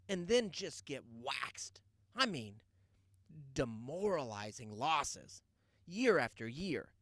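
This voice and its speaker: A man hosting his own show, ranting loudly and sarcastically, with laughs in between. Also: a little high, no echo, studio quality. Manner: loud, sarcastic rants with laughs. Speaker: podcast host. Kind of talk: casual solo rant.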